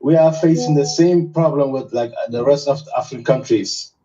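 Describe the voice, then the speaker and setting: A man from Somalia calling in, earnest and halting, stopping often to find his words. His voice sounds mellow. It comes through a muffled, distant line. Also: mid-range voice. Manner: earnest, halting, with many fillers. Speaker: caller. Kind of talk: call-in commentary. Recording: distant, muffled call audio.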